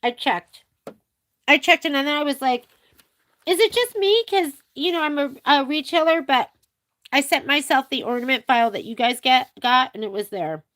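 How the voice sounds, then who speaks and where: A woman's voice: high voice, normal speed, fairly bright tone. A woman hosting a casual live sewing demonstration, chatting with viewers, answering their questions and laughing often. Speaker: sewing shop host. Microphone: handheld phone while filming.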